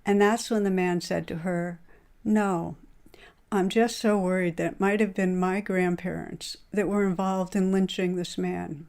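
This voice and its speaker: A middle-aged woman giving a dharma talk as a meditation teacher, retelling a story in a calm, measured way. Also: on the low side.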